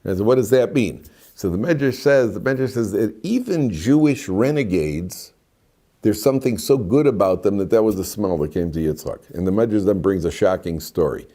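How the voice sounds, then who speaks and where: An older man leads an informal class in a classroom, his voice sitting a little low. He talks the way he thinks, doubling back on phrases and drifting into side remarks before returning to the point. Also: lively intonation, normal speed, dark tone. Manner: conversational and digressive, with frequent restarts and asides. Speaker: rabbi teaching a class. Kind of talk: informal Torah lecture. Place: classroom with students.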